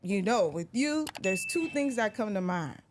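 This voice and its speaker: A woman's voice: medium pitch, expressive, moderate pace, very noisy. A woman hosting a podcast interview in a playful, teasing manner. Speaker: podcast host.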